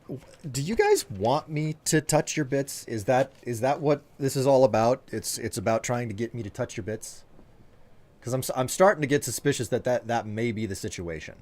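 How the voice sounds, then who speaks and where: A man's voice: medium pitch, animated, normal speed, a little mellow. A man streaming live, chatting casually and teasing his viewers while thanking them by name.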